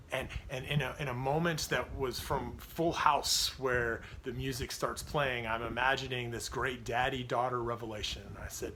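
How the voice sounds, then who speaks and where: A man's voice: medium pitch, steady tone, moderate pace, few pauses, bright, forceful tone, a little hiss or hum. A man in his thirties, a pastor giving a devotional talk on parenting, telling a personal story in an earnest, confessional way.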